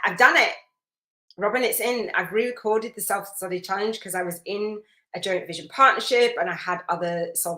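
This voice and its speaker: A woman hosting a live spiritual business masterclass, chatty and effusive, rambling with fillers as she reads out viewer comments. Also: fairly low pitch. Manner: warm, effusive, rambling with many fillers and restarts. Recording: roomy echo.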